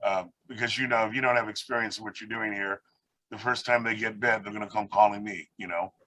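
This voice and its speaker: A man's voice: on the low side, steady tone, fast talker, sharp tone, poor audio. A man on a video call telling long rambling stories about his life and his birds, acting out the people he quotes. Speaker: guest speaker, parrot rescue founder. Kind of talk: casual storytelling on a video call.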